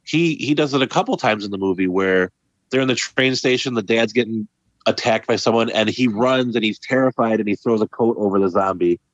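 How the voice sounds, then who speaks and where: Male podcast co-host, animated and casual, dry muffled recording. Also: on the low side, fairly quick, dry recording. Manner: animated, acts out characters' lines. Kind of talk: casual film discussion. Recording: dull lo-fi sound.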